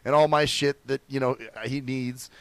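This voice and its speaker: A young man hosting a radio show, telling stories in a profane, animated, chatty way. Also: medium pitch, normal speed, clear, resonant tone, dry recording. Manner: profane, animated storytelling with acted quotes. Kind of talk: casual chat.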